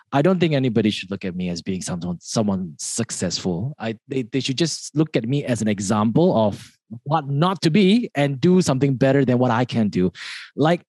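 A man's voice: medium pitch, mellow, dry recording. Dry-sounding Malaysian man, rambling. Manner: rambling, many restarts, laughs often. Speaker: podcast guest. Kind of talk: casual interview chat.

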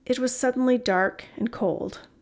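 A woman reading a story aloud as an audiobook narrator, steady and expressive. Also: fairly high pitch, unhurried.

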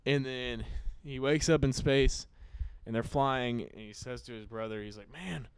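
A man's voice: mid-range voice, steady tone, moderate pace, clear, resonant tone, dry recording. A man telling jokes to friends in casual chat, rambling and restarting as he goes. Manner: rambling storyteller with frequent restarts.

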